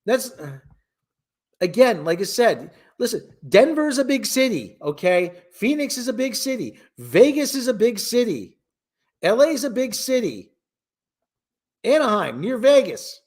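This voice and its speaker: Animated, exasperated man ranting about hockey. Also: extremely high pitch, a little slow. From Connecticut, Hartford area. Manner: exasperated, incredulous, many restarts. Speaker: host. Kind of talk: casual rambling sports commentary.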